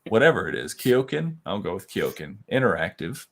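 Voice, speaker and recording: Easygoing low-voiced man co-hosting a chat. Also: very animated, fairly quick, gravelly, husky. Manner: easygoing, laughs often. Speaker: co-host. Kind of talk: casual chat.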